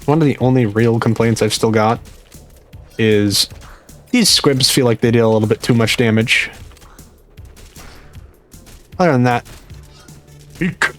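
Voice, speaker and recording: Young male gaming commentator, hushed and rambling, speech slightly muffled by a retainer, mid-pitched voice, faint music underneath. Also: unhurried, pauses often. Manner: quiet, rambling, self-mocking. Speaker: gaming YouTuber. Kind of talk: live gameplay commentary.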